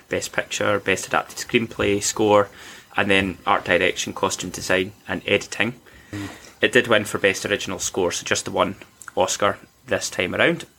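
A man hosting a podcast, chatting casually about films in a measured, mildly wry way. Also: lowish voice, creaky, pushed and bright. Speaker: podcast host. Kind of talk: casual film review chat.

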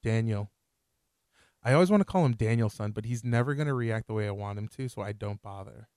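Tipsy, profane male podcast cohost, mellow dark tone, rambling jokes. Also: fairly low pitch, brisk, no room sound. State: a bit tipsy. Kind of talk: casual chat.

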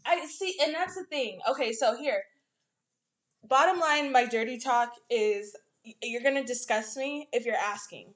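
Blunt, animated young woman chatting. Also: a little high, a little slow. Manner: blunt, animated storytelling with acted-out quotes. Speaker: podcast co-host. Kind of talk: casual chat.

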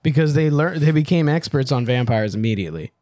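A man's voice: a little high, lively intonation, fast, warm tone, no echo, studio quality. A man co-hosting a podcast, laid-back and slangy, tossing off jokey asides about a movie. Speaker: podcast co-host. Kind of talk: casual movie-recap banter.

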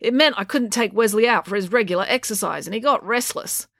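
A woman's voice: mid-range voice, fast talker, a bit bright, no room sound, voice pushed up, close to an everyday voice. A woman voicing a blunt, grumbling older cat lady in a storybook reading, with a mumbly, dry, sarcastic manner.

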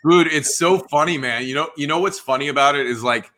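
A man in his forties with a New Jersey accent tells his story as an interview guest. His voice is bright and forceful, and he jumps into the voices of the people he quotes. He talks loosely, with plenty of "dude" and "man.". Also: on the high side, a little fast, slight background noise. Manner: animated, acts out quoted dialogue, says "dude" and "man". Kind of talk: casual storytelling.

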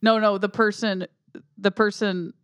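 A woman co-hosting a casual podcast, asking quick follow-up questions and telling a relaxed anecdote. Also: medium pitch, clear, resonant tone, dry recording, clean studio sound. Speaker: podcast co-host. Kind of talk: casual movie podcast chat.

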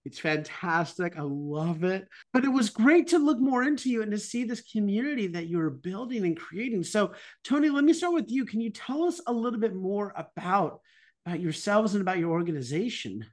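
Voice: medium pitch, lively intonation, normal speed. A podcast host welcoming guests with effusive enthusiasm and asking questions. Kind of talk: upbeat podcast hosting.

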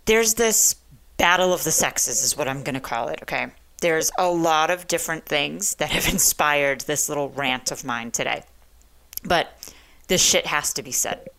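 A woman's voice: low-pitched, animated, moderate pace, a bit bright. A young adult woman hosting a talk radio show, ranting in a blunt, profane, provocative way.

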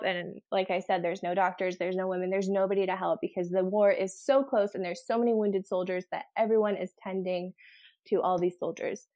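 A young woman in casual chat, retelling a novel's plot with lots of laughing and quick paraphrased quotes. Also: medium pitch, a little mellow. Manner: chatty, laughing, acts out characters' lines in quick paraphrase.

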